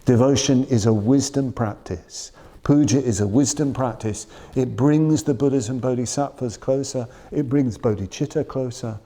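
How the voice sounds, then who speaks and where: A man giving a Buddhist dharma talk in a shrine room, reflective and earnest, dwelling slowly on key words. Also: mid-range voice, warm tone. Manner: reflective, earnest, quoting his teacher with slow emphasis. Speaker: Buddhist teacher.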